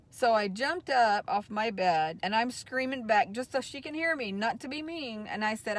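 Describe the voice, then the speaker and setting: A woman's voice: medium pitch, moderate pace, hardly any pauses. A woman telling a personal story in a candid, emotional vlog, talking from inside a car. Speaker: vlogger.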